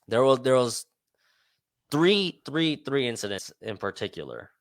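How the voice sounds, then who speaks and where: Male podcast co-host, fed-up storyteller, curses a lot, mid pitch, dry close sound. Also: big pitch swings, a little slow, no echo. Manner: frustrated, swears, repeats himself. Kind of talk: casual storytelling.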